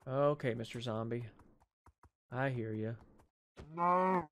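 In casual let's play commentary, a gaming channel host chats with himself and the game's animals while nursing a jaw sore from dental work. His voice is mid-range and slow, with lively intonation.

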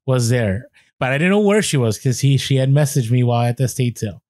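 A man co-hosting a podcast, telling an animated story with quoted voices and many restarts. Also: medium pitch, fast talker, dry recording. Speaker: podcast co-host.

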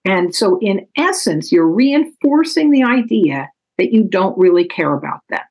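A woman with a steady voice of middle pitch gives a recorded talk as the author of a parenting book. She explains step by step, in a calm, measured and instructive way. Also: breathy edge, low-quality recording.

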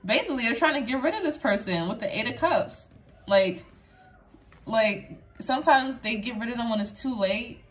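A woman's voice: a little high, animated, moderate pace, a bit bright. Chatty woman giving a tarot reading. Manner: rambling, chatty, fills speech with "like"; earnest, affirming, addresses viewer directly. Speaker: tarot reader. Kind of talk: casual pick-a-card tarot reading to viewers.

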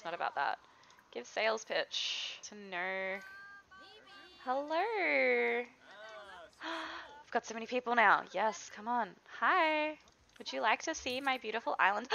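A woman's voice: a little high, vocal fry, pushed and bright, highs cut off. A young woman chatting casually through a life-sim game, giggling and talking to her characters as she plays. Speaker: gaming video host. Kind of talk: casual let's-play commentary.

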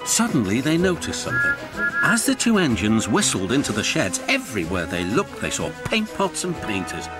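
British guy telling a kids train story, very animated voice, music playing. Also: medium pitch, normal speed. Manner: warm storytelling, expressive. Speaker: narrator. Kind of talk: scripted storybook narration.

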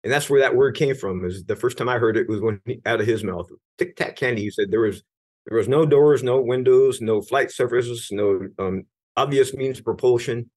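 A man's voice: mid-range voice, moderate pace, a little mellow. Earnest middle-aged man recounting his story. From United States. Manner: earnest, grows emphatic, many restarts. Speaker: guest, retired Navy senior chief. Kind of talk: candid personal storytelling.

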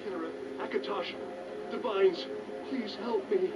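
An actor playing a whiny, scared young horse thief in a video game, pleading and jittery. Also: male voice, sits high, unhurried, soft background music. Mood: panicked. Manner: jittery, pleading, rising into yelps. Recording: lo-fi game audio with loud hiss.

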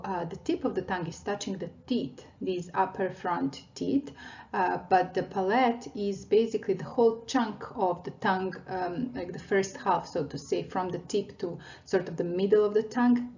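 A woman teaching a language lesson, patiently explaining mouth positions and demonstrating sounds slowly. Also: mid-range voice, a little mellow, highs cut off.

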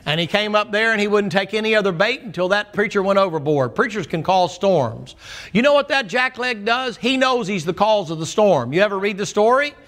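A man preaching a sermon as the pastor, telling the story in a folksy, animated way. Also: high voice, brisk.

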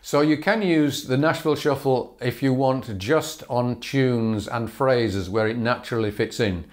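A man teaching a fiddle lesson, explaining patterns in an easy, chatty way with small laughs and fillers. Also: lowish voice. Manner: relaxed, explanatory, chuckles and fillers, counts bows aloud. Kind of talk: instructional lesson.

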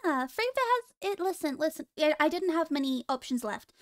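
A young woman chats with her stream viewers in a playful, teasing way, giggling often. Her very high voice is sing-song and moves at a moderate pace, recorded dry and close with no room around it.

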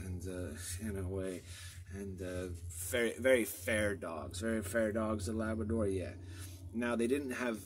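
A man talking off the cuff over old maps, meandering with many fillers and restarts and trailing off into quiet mutters. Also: fairly low pitch, slight background noise. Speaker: vlogger.

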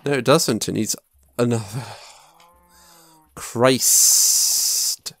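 A man's voice: medium pitch, drawn-out words, a bit bright, no room sound. A young man muttering to himself and swearing casually while commenting on his own gameplay. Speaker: gaming YouTuber. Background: faint game music.

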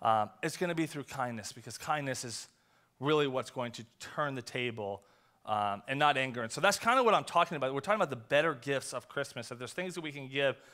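A male pastor giving a conversational sermon, telling a story with quick acted asides. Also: medium pitch, expressive, bright, forceful tone. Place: church sanctuary.

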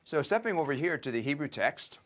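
A man teaching a seminary lesson, translating a Hebrew text word by word in a deliberate, methodical way. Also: fairly high pitch, sing-song, fairly bright tone. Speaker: seminary professor. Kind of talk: lecture on biblical Hebrew.

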